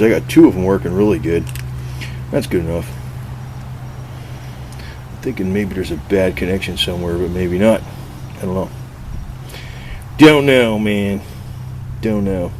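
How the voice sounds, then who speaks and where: A man with a low voice and a somewhat dark tone coaxes his cats while filming them at home beside his old car, wandering off into rambling asides and swearing casually. There's slight background noise.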